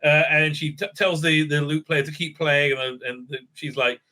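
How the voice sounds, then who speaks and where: A middle-aged man talks through a TV episode in loose, rambling sentences, swearing freely and checking in with "right?". His voice sits a little high and comes across bright and forceful. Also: fairly even intonation, normal speed. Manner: rambling, profane, keeps asking "right?". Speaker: TV show reviewer. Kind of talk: casual spoken recap.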